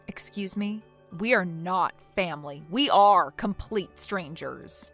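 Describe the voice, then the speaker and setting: A synthetic woman's voice reading a text-message story in a cold, firm and measured way. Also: fairly low pitch, fairly bright tone, soft background music.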